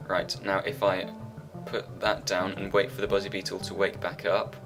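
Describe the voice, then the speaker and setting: A man's voice: deep voice, completely flat delivery, moderate pace, few pauses, over music. A man giving rambling, self-mocking commentary while he plays a video game, talking half to himself. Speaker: let's play gamer.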